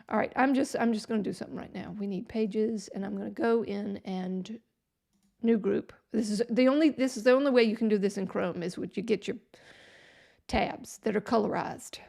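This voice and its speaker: Woman host, gravelly, sarcastic, muttering to herself on a live stream. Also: medium pitch, normal speed, darkish tone. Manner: sarcastic, exasperated, talks to herself. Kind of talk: casual live stream chat.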